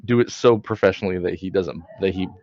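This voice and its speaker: A man's voice: low-pitched, fast talker, darkish tone, no echo, highs cut off. A man playing a tabletop game, explaining his plan hesitantly and rambling with laughs. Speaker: player. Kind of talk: casual tabletop play.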